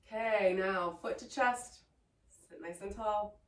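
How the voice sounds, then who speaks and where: Calm woman guiding a yoga class. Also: medium pitch, slow. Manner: calm, encouraging cues, playful asides. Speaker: yoga teacher. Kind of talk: guided yoga class instruction. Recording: echoey room, voice from a distance.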